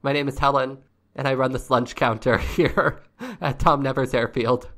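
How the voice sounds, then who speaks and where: A man voicing a flustered, friendly middle-aged woman who runs a lunch counter, stammering as she talks in a fluttery falsetto. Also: steady tone, moderate pace, a bit bright, lightly acted.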